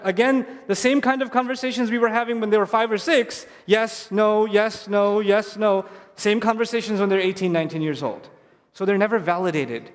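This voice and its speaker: A man's voice: high voice, fairly quick. A man giving an earnest, conversational Islamic talk on stage to families, repeating key phrases for emphasis. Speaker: Islamic speaker addressing families. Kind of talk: live lecture to an audience. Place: stage in a large hall. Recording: long hall reverb from a live event.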